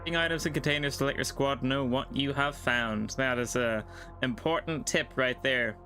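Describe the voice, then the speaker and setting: A man chats casually while live-streaming a game, rambling and thinking aloud into his desk microphone. His mid-range voice sounds pushed and bright, with a little hiss or hum in the recording.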